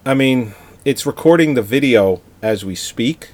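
A man co-hosting a podcast, telling relaxed stories and laughing easily in casual chat. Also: medium pitch, a little slow. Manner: laid-back storyteller, laughs easily. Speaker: podcast co-host. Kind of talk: casual movie-review chat.

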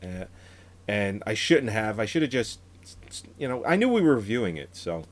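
A man in his thirties co-hosting a casual movie review podcast. He talks in a relaxed, rambling way with frequent laughs. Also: lowish voice, normal speed. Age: 30s. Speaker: podcast co-host.

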